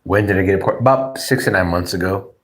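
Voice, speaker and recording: A man's voice: deep voice, fast talker. A man hosting a livestream, rambling and joking crudely while reading chat aloud. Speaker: livestream host.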